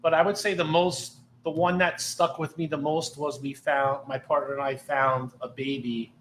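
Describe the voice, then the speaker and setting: A middle-aged man recounts his police days in blunt, profane, animated detail. His voice sits a little high. The room around him is echoey, with a faint hiss underneath. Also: normal speed. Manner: blunt, heavy swearing, animated retelling. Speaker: former police officer, podcast guest. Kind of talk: casual storytelling.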